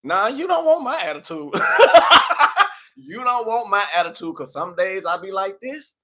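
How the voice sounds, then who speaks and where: A man's voice: sits high, very animated, normal speed, pushed and bright. A man from Tennessee with a Southern accent, a tarot reader chatting live in a playful, preachy, scolding way. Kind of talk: live tarot reading chat.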